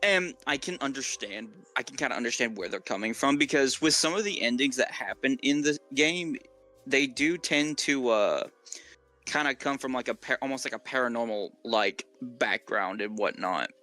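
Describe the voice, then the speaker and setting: A man with a Southern US accent talks through game theories in a loose, rambling way. He keeps saying "like" and restarting his sentences, and his voice sits at an ordinary pitch. Soft music plays behind him. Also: animated, moderate pace. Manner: rambling, many fillers and restarts. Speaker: co-host. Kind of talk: casual gaming lore chat.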